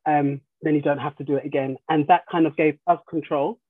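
A woman's voice: low-pitched, fairly even intonation, brisk, breathy edge, no echo. A middle-aged grandmother and life coach chatting casually, telling family stories and laughing easily while mimicking relatives' voices. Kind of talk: casual podcast chat. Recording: tinny phone-like line.

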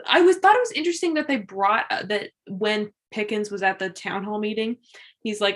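A woman's voice: mid-range voice, brisk. Young female co-host, casual rambling podcast chat, laughs easily. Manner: animated, musing, laughs often.

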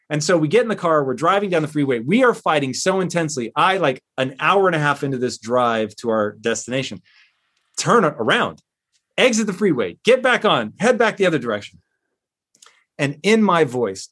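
A middle-aged man as a podcast guest, telling a personal story in an emphatic, animated way and swearing now and then. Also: fairly high pitch, brisk, husky.

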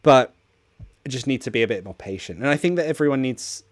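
Man, earnest guest, encouraging, dry close recording, mid-pitch voice. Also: lively intonation, fast, dry recording. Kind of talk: casual chat.

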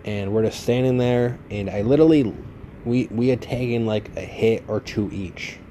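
A man's voice: mid-range voice, moderate pace, warm tone, a little hiss or hum. A man in his late twenties casually telling a long story on his podcast, rambling and swearing freely. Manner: rambling, profane, laid-back. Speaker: podcast host.

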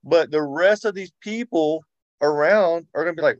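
A man's voice: on the high side, normal speed, no room sound. Emphatic man in a group chat. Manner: emphatic, repeats himself, says y'all. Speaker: study group member. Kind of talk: casual group discussion. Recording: dry, dull sound.

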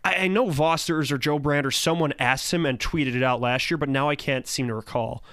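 Sports podcast guy, bright forceful voice, rambly with lots of ums, dry close mic. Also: mid-range voice, a little fast, dry recording. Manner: rambling with many fillers and restarts. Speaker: podcast co-host. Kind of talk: casual sports chat.

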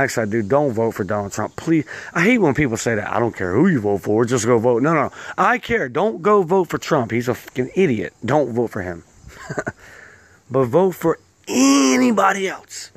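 Give me a man in a loud, profane rant, mid-pitched, recorded dry and close. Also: vocal fry, dry recording. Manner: loud, swearing, laughing, animated ranting. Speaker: host.

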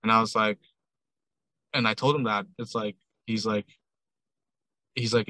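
A man's voice: on the low side, normal speed, no room sound, poor audio. A man, a ramen shop owner, telling a story in a casual interview and acting out quoted dialogue. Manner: chatty, animated retelling with many "I'm like" quotes.

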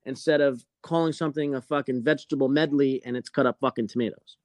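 A man telling a story on a casual podcast, animated and swearing constantly, acting out the people in it. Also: mid-range voice, fast, no echo.

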